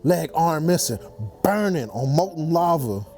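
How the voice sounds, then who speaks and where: A young man telling a movie story as a comedic rant, slangy and animated, slipping into quick character voices. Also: fairly high pitch, faint music behind. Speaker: comedy vlogger.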